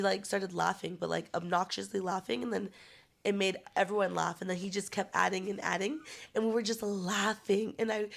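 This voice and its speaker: Gravelly young woman telling a wild story. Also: mid-range voice. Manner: animated storytelling, swears freely, laughs often. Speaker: podcast co-host. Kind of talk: casual chat.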